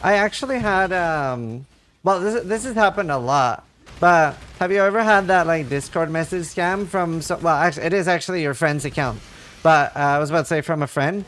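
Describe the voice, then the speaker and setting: Male streamer, casual and rambling, talking to chat while playing, voice a bit high. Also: normal speed, a bit bright. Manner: rambling, lots of filler "like".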